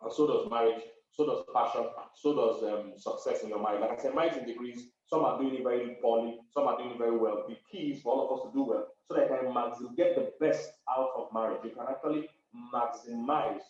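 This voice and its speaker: A man's voice: mid-range voice, fairly even intonation, fairly quick, few pauses, a little mellow. Echoey, distant male pastor. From Africa. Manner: emphatic, repeats key phrases, laughs between points. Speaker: pastor and marriage counselor. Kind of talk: preaching to an online audience. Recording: very echoey room, distant muffled mic.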